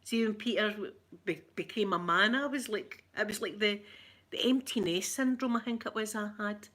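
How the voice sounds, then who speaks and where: A middle-aged Scottish woman chatting away to her live viewers with a bright, clear voice. She greets people by name and laughs easily as she talks. Her pitch sits in an ordinary middle range. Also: moderate pace. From Scotland. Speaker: ASMR livestream host. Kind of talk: casual chat with live viewers.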